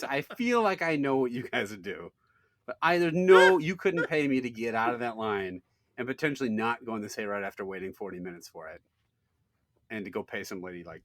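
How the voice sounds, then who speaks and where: Animated, foul-mouthed man telling a story. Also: medium pitch. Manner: animated storyteller, swears freely. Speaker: podcast co-host. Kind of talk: casual chat.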